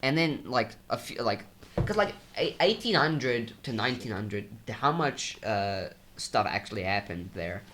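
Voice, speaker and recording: A young man co-hosting a podcast, chatting casually in a rambling, halting way full of restarts. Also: on the low side, lively intonation, background noise. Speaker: podcast co-host. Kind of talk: casual chat.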